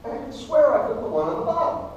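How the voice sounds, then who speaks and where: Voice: sits high, racing, distant mic, dull audio, a little hiss or hum. A stage magician telling a comic story with mock panic and calling up audience volunteers at a live show, recorded from the audience on a camera mic. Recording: echoey hall from afar, music behind.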